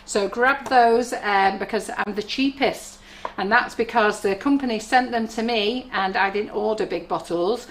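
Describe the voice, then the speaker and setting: A woman's voice: mid-range voice, measured pace, slight background noise. A middle-aged woman, chatting and telling stories while demonstrating baking products on a live stream from her kitchen. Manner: chatty, rambling, storytelling. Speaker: baking shop owner presenting products. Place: shop kitchen.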